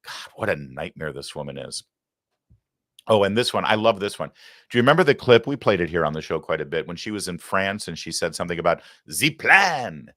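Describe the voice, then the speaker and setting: A man's voice: sits low, very animated, fairly quick, fairly bright tone, dry recording, studio quality. A man hosting a political commentary show, talking in a sarcastic, mocking way. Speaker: show host.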